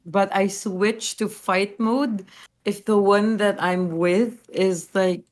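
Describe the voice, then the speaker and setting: A woman's voice: medium pitch, fairly even intonation, slow. A woman guest on a podcast, telling personal stories casually with frequent giggles. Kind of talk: casual chat.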